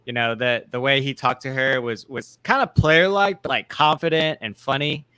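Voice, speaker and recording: Man, casual recap chat, rambling with fillers, bright tone, dry close sound. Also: mid-range voice, moderate pace, clear, resonant tone, dry recording. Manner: rambling, many fillers and restarts. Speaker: co-host.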